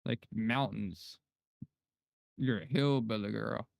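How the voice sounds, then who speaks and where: A man's voice: on the low side, slow pace, vocal fry, no room sound, poor audio. A man streaming and chatting casually, teasing and bossing around an AI assistant and complaining when it falls short. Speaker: game streamer. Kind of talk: casual livestream chat.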